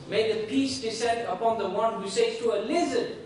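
A man's voice: very high voice, normal speed. A man giving a conversational sermon, telling a story and often checking in with "right?", recorded from a distance in a university room. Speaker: religious speaker. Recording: echoey room from far off, faint noise.

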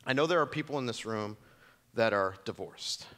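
A man's voice: fairly low pitch, lively intonation, normal speed, sharp tone. A man preaching a conversational, jokey sermon to a church congregation, acting out voices in his stories. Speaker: pastor.

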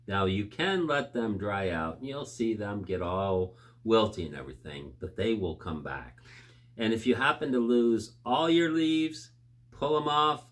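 A man co-hosting a gardening video, giving casual plant-care tips and chattily correcting his co-host. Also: on the low side.

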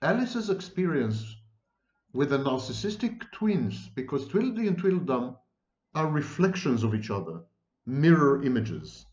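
Male professor lecture, lively dramatic delivery, roomy dull recording. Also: fairly high pitch, unhurried. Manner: dramatic, wry asides. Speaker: psychology professor. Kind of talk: video lecture with a read-aloud excerpt.

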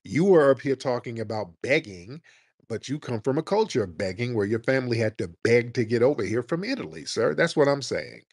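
A man's voice: medium pitch, sing-song, fairly quick, a little mellow, no echo, studio quality. A man hosting a call-in radio talk show, arguing with a caller in a blunt, lecturing and mocking way.

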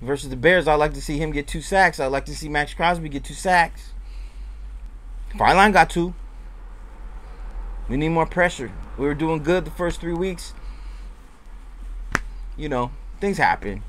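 A man giving loose, rambling fan commentary in a casual vlog, moving between deflated and excited. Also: on the high side, measured pace, pauses often. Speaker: sports fan vlogger.

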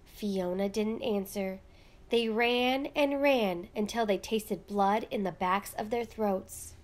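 A woman reading a children's picture book aloud with gentle, measured storytelling. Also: mid-range voice. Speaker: read-aloud narrator.

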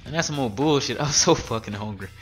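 A man's voice: medium pitch, fast, soft background music. A man in his twenties ranting with heavy swearing while commenting on his gameplay. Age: 20s. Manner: profane, exasperated ranting. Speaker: gaming streamer.

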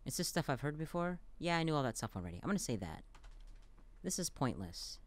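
A man playing a dialogue-heavy game, reading the lines aloud and reacting between them with quick, playful asides. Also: a little high, sing-song. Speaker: let's play gamer.

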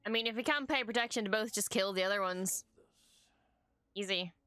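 A woman's voice: medium pitch, brisk, bright, forceful tone, clean tone. A woman hosting a reaction video, talking through a show in casual, emotional commentary with frequent exclamations and swearing.

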